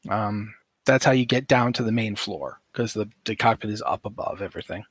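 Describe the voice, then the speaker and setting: A man's voice: fairly low pitch, fairly quick, breathy edge, dry recording. Rambling man running a tabletop game. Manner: rambling, vivid descriptions with many fillers. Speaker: game master.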